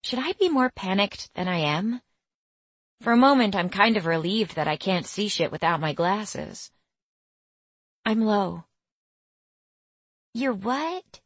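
A young woman narrating a first-person story in a measured, quietly bemused way, in a studio. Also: medium pitch, no room sound. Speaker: audiobook narrator.

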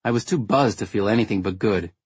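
A man tells a first-person story in a wry, understated manner. His voice sits on the low side with a husky grain. The recording is close and dry. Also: a little fast, darkish tone, dry recording. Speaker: audiobook narrator.

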